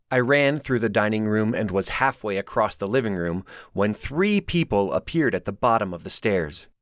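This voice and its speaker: A man's voice: medium pitch, dry recording, clean studio sound. A man reading his own novel aloud in first person, telling the story expressively. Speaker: author narrating his audiobook. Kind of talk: first-person audiobook narration.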